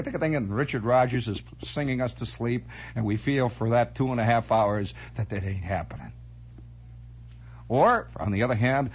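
A man's voice: mid-range voice, slightly rough. A man hosting a radio monologue, rambling theatrically and making sound effects with his voice. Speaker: radio host. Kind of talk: late-night radio monologue. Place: radio studio.

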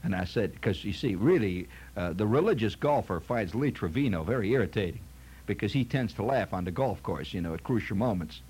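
Husky, lively folksy male storyteller. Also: fairly low pitch, a little fast. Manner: rambling, folksy, lots of "see?" and "you know". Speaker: comedian telling a story. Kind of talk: comic storytelling monologue.

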